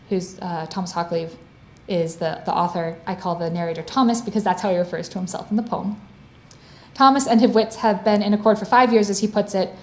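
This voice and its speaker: Woman, guest lecturer, mid-pitched, explanatory academic delivery, echoey room. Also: a little mellow. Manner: clear, explanatory, stops to define terms. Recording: roomy echo.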